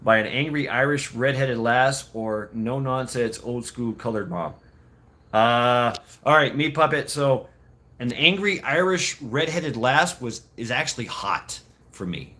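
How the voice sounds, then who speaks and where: A middle-aged man chatting casually and rambling, laughing often and slipping into quick put-on voices. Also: medium pitch, lively intonation, pushed and bright. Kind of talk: casual chat.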